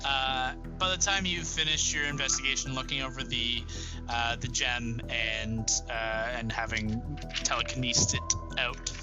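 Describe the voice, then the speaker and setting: A man narrating a tabletop game as game master, describing scenes in a halting way full of fillers. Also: mid-range voice, steady tone, lo-fi sound, music in the background.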